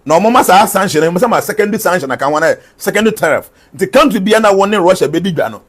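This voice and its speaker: A man's voice: high-pitched, animated, rapid-fire. Man reading numbered forecasts. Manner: repeats each prediction, switching between English and local language. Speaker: prophetic forecaster. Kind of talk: numbered predictions mixed with local-language asides.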